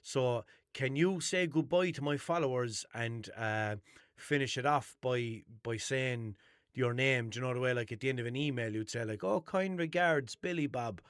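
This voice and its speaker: An Irish man hosts his podcast and chats off the cuff, rambling through a story with slang and the odd curse. His voice sits at a middling pitch and sounds dry and close. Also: steady tone, moderate pace, fairly bright tone, smooth, no echo. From Limerick, Ireland. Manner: exasperated storytelling with swearing and local slang. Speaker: podcast host. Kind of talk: unscripted casual rambling monologue.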